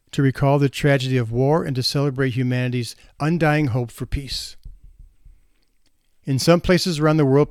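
A man hosting a podcast, telling stories in an earnest, measured way and reading aloud with pauses. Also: medium pitch, no echo, clean studio sound. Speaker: podcast host. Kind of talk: reflective storytelling monologue.

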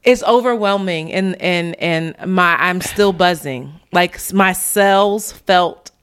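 A woman co-hosting a podcast, talking casually about her week. Her voice is smooth and clear and sits a little low. She tells stories with lots of laughter and jumps up high when she quotes people. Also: takes it slowly. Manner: animated storytelling, laughs often, voice jumps high when quoting. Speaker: podcast co-host. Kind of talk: casual chat.

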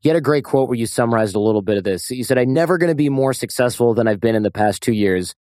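Man host, mid-pitched voice, dry close sound, relaxed and agreeable. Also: no room sound. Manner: easygoing, quick to laugh and agree. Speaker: podcast host. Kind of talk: casual podcast conversation.

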